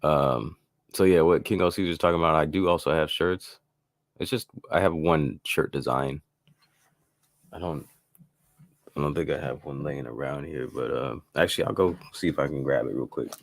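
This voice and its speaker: Man, extremely deep voice, dry close sound, relaxed live-stream tutorial host, rambling with many fillers. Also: moderate pace, dry recording. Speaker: beat maker hosting a live stream.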